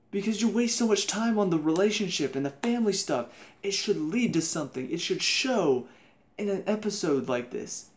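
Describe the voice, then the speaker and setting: A man's voice: high-pitched, slight background noise. Exasperated man ranting in a TV review. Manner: exasperated, ranting, mocking characters in put-on voices. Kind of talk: casual spoken review.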